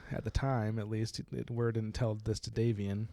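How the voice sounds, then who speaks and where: A man's voice: on the low side, fairly even intonation, moderate pace, gravelly, mellow, no echo. A young man co-hosting a casual book podcast, retelling the story with frequent laughs and lots of "like". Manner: laughs often while retelling, uses "like" a lot. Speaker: podcast co-host.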